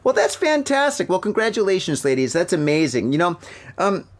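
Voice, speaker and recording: A middle-aged American man hosting a casual news chat from home, rambling and joking as he reads stories haltingly. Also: sits high, very animated. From United States. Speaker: podcast host. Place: home room with a fan running. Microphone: laptop mic.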